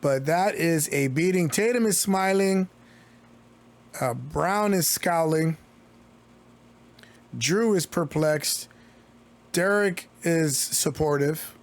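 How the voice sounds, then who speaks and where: A man calls a basketball game live for his stream, in a casual, talkative play-by-play. His voice sits a little high for a man. He drifts into jokey asides between the plays. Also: takes it slowly, pauses often. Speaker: streamer giving play-by-play commentary.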